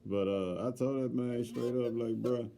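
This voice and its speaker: A middle-aged man co-hosting a podcast, telling a story in casual chat with heavy profanity and lively, loud swings when he quotes himself. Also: mid-range voice, measured pace, gravelly, a crowd in the background. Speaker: podcast co-host.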